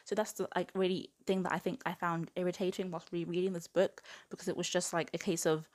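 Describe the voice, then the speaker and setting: A young woman in her twenties rants through a casual book review, her voice sitting a little low. She talks in a chatty, exasperated way and fills her sentences with "like". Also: flat delivery, fast, a little mellow. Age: 20s. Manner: exasperated, chatty rant full of "like".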